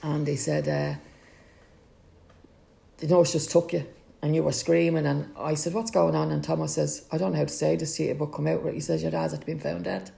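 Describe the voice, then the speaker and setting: A woman's voice: sits low, level tone, normal speed, creaky, warm tone. A middle-aged Irish woman telling a personal family story, acting out the voices of the people in it.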